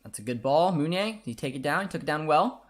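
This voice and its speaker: Excitable young man commenting a live match. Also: fairly high pitch, brisk, soft background music. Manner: excitable, shouts and laughs at goals, groans at calls. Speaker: streamer hosting a football watchalong.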